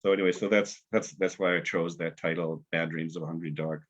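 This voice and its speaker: A poet guest telling stories in a rambling, halting way with many fillers, heard on a video call. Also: male voice, low-pitched, steady tone. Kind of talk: casual storytelling and poetry reading. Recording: dull lo-fi video call audio.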